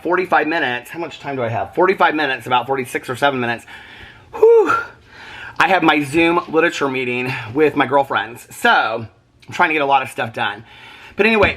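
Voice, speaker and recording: A man's voice: a little high, pushed and bright, husky. Breathless, chatty man vlogging at home. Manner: rambling, chatty, talks to viewers directly. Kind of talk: casual vlog chat. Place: at home, leaning on a kitchen counter.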